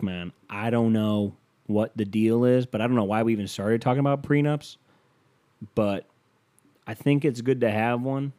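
Swearing freely, a man jokes and rants through his casual solo podcast, clearly entertained by his own riffs. His voice is fairly low and mellow, jumping up as he gets heated, with no room sound in the recording.

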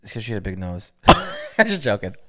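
A man's voice: lowish voice, very animated, fairly quick, fairly bright tone. A young man from the Chicago area, a podcast co-host, rambling crudely and joking with many restarts in casual banter.

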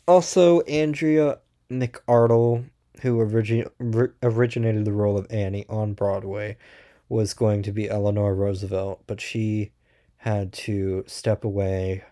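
Casting note: a man with a low, warm voice, casual and blunt, rambling critic. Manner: rambling, blunt and sarcastic, many fillers. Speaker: theater reviewer. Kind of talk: casual spoken review.

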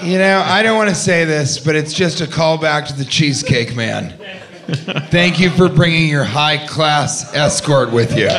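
Guy hosting a comedy podcast live, fast crude riffing, lots of laughs, audience roaring behind him. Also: a little high. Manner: loud, laughing, profane riffing. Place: comedy club stage. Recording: live club recording with crowd noise.

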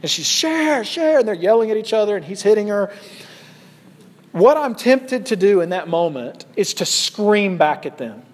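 A man's voice: sits high, expressive, normal speed. A man in his thirties preaching an earnest sermon as a pastor, pressing questions on his listeners. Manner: earnest, rising to loud acted shouts in quotes. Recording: long hall reverb.

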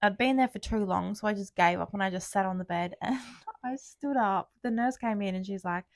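A woman's voice: mid-range voice, fairly quick, dry recording, studio quality. A young woman co-hosting a podcast, chatting casually, swearing often and laughing through her own stories. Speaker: podcast co-host. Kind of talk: casual chat.

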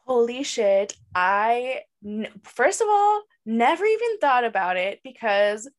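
A woman co-hosting a podcast in casual chat, animated and laughing often, with many fillers. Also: fairly high pitch, slow, hardly any pauses. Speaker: podcast co-host.

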